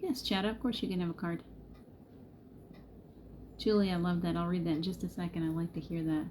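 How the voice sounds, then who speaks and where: A woman's voice: lowish voice, fairly even intonation, a little fast, darkish tone, a little hiss or hum. A middle-aged woman hosting a live spiritual card reading, speaking in a soothing, reassuring way, laughing easily and greeting viewers by name. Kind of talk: gentle encouraging spiritual talk to live viewers.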